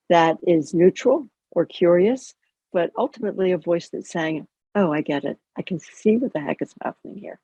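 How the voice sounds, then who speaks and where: Husky, gravelly woman teaching calmly. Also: fairly low pitch, dry recording. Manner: calm, conversational, gently explaining with light humor. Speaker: chaplain and educator. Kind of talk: guided mindfulness teaching. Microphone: video call. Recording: dull lo-fi video call audio.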